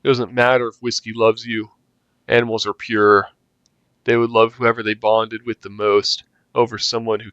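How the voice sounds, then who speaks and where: A man's voice: on the low side, fairly bright tone, dry recording, dull audio, lightly acted. A man voicing a smug, obsessive young male captor in a game, talking down to his prisoner. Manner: condescending, taunting.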